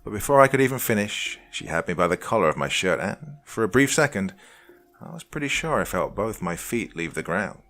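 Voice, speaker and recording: A man narrating a spooky story in an expressive, dramatic storytelling manner. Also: deep voice, a little fast, faint music behind.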